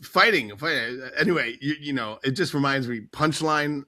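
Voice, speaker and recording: A man swaps stories in casual podcast conversation, his voice sitting at an ordinary middle pitch. He acts out what people said as he goes and often breaks into laughter. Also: normal speed. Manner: animated storytelling, acting out quotes, frequent laughs. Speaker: guest storyteller.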